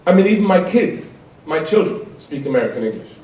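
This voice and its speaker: Rambling middle-aged comedian in a hall. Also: male voice, on the high side, very animated, fairly quick. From Ireland. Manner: rambling, wry, with sudden loud outbursts. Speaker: stand-up comedian. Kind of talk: stand-up comedy. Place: large concert hall before an audience. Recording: roomy hall sound from a distance with noise.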